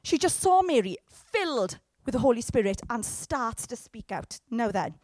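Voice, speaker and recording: A woman preaching a sermon in a lively, chatty way, with joking asides and sudden loud bursts. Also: fairly high pitch, normal speed, few pauses, dry recording.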